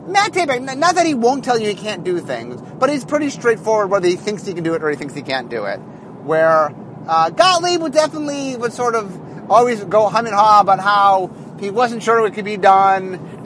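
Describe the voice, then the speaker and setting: A head designer talks through a rambling, casual monologue full of fillers and restarts. His voice is high and very animated. Clear car road noise runs beneath him.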